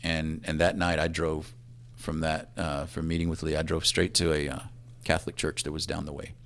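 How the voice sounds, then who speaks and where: There's a rumbling low quality to this fifty-something police assistant chief's voice, with little pitch movement. He shares a personal story haltingly and reflectively, often letting sentences trail off into quiet.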